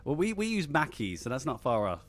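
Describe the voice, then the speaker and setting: A man's voice: medium pitch, brisk, a crowd in the background. A man with a slightly posh English accent hosting a casual live stream, rambling and restarting his sentences. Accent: slightly posh southern English. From England. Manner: animated and rambling, many restarts. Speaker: podcast host.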